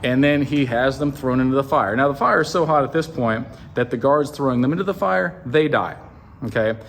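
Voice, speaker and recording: A man's voice: mid-range voice, fairly quick. Joking man retelling an old story. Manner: jokey, animated, asides to the listener. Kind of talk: comic retelling of a Bible story.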